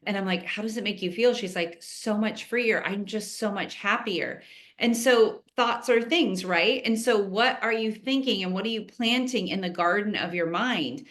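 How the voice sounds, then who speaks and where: A woman's voice: mid-range voice, moderate pace, few pauses, a bit bright. A middle-aged woman co-hosting a podcast, talking earnestly and directly to her listeners in a casual chat. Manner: earnest, talks straight to listeners. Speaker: podcast co-host.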